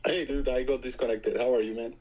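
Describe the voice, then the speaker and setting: A man's voice: mid-range voice, fairly even intonation, quick pace, a little mellow, rough recording. A man with a foreign accent calling into a stream debate, stammering and repeating words, half joking. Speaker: caller.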